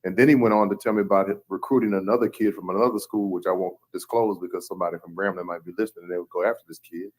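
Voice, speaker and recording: A man with a fairly low voice tells a story at a brisk, rapid clip. His delivery is casual and conversational, as in relaxed sports talk.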